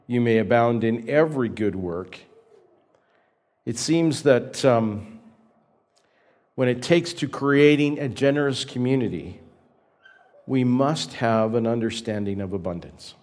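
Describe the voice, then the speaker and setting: A man preaching a sermon as pastor, earnest, pausing between phrases and repeating key points for emphasis. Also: mid-range voice, darkish tone.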